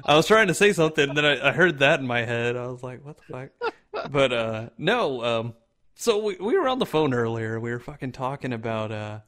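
A man's voice: mid-range voice, sing-song, fairly quick, fairly bright tone. A man co-hosting a podcast, teasing his friend with laughs and swearing. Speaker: podcast co-host. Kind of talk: casual chat.

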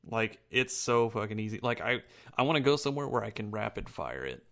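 A man's voice: lowish voice, very animated, fairly quick, creaky, fairly bright tone. A man co-hosting a podcast in loose, profane casual chat, laughing often. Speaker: podcast co-host.

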